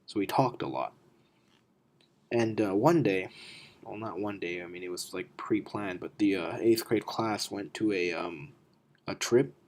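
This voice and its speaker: A man's voice: fairly low pitch, measured pace, darkish tone. A teenage boy with a stuffy nose rambling through a storytime monologue in his cold bedroom, self-mocking, swearing and losing his thread, recorded on a built-in computer mic. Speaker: vlogger. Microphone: built-in computer microphone.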